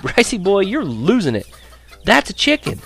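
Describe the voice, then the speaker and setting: A man's voice: mid-range voice, expressive, fairly quick, voice pushed up, natural voice. A man voicing a cocky know-it-all boy who teases his friend in a brash way. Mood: mocking. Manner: brash, teasing.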